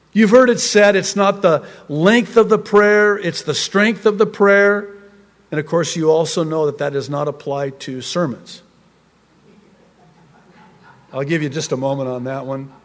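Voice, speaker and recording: A man preaching on a psalm, with humorous asides, laughing mid-sentence and telling stories in a lively way. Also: high-pitched, big-room sound. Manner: lively storytelling. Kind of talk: sermon on a psalm.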